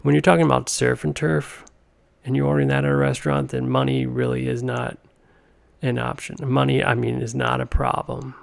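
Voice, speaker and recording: A man hosting a comedy podcast, talking in a meandering, deadpan monologue full of tangents. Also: mid-range voice, brisk, gravelly. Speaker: podcast host.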